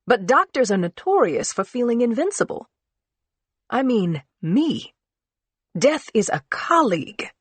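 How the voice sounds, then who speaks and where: A woman's voice: a little high, sing-song, a little slow, slightly rough, no room sound, pitched above the performer's own voice, exaggerated voice. A woman voicing a frightened woman doctor facing cancer, pleading and shaky with emotion in an audiobook scene. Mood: anxious.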